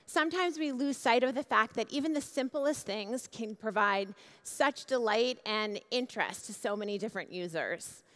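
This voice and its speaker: A woman in her forties, a keynote speaker at a conference, delivering a measured, emphatic speech with dramatic pauses from the stage. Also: a little high, a bit bright. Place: large conference hall. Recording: long hall reverb.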